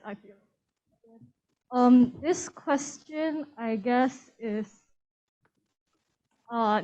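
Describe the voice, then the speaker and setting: Shivering woman asking from the audience. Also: on the high side. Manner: quiet and nervous. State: shivering from cold, voice shaking. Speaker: audience member asking a question. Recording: dull lo-fi sound.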